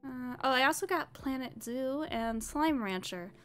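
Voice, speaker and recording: A sleepy, tired woman chats in a high voice, taking her time between words. She talks casually, drawing her phrases out. Soft music plays faintly behind her. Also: animated. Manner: sleepy, drawn-out casual talk with soft laughs. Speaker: streamer. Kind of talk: casual chat.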